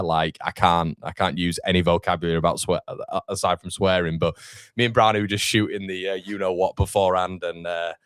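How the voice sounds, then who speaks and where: Low-voiced chatty lad. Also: male voice, dry recording, studio quality. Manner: chatty, reading out viewer comments. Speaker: football watchalong host. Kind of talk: casual live-stream chat. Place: home room.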